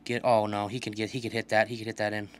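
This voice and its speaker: A young man giving casual commentary while playing a video game, swearing often and trash-talking opponents in an excitable way. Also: fairly low pitch, quick pace. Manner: profane, excitable trash talk. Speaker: gaming channel host.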